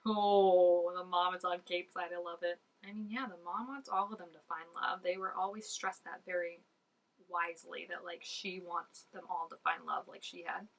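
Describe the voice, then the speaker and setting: A woman's voice: lowish voice, normal speed, gravelly, far from the mic, poor audio. Chatty woman reacting a bit off-mic. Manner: chatty and excitable, peppered with "like", drops to soft asides. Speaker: reaction video host. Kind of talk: casual reaction commentary.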